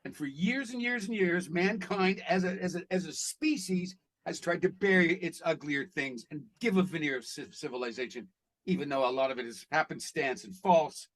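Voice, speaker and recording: Male actor guest, a lively and blunt storyteller with a slightly high voice. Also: normal speed. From Canada. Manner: animated storyteller, blunt and profane. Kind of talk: casual interview chat.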